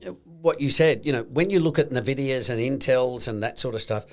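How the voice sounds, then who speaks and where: Australian male podcast host, mid-pitched, lively and blunt, acts out quotes. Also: fairly quick. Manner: animated, acts out quoted voices, swears freely. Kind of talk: casual investing chat.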